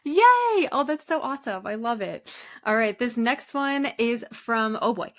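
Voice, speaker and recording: A woman's voice: on the high side, moderate pace, fairly bright tone. An American woman in her thirties, co-hosting a casual podcast, bubbly and gushing as she reads listener reviews aloud. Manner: bubbly, gushing, laughs often. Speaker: podcast co-host.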